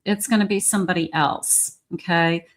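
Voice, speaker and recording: A woman's voice: lowish voice, steady tone, moderate pace. A woman giving a collective tarot reading, talking chattily and directly to the viewer. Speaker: tarot reader.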